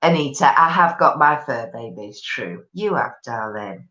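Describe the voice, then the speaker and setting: A woman's voice: rumbling low, expressive, measured pace, pushed and bright. A woman, hosting a live stream in a chatty, gossipy way, reading out viewer comments and answering them with plenty of ums. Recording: echoey room, dull lo-fi sound.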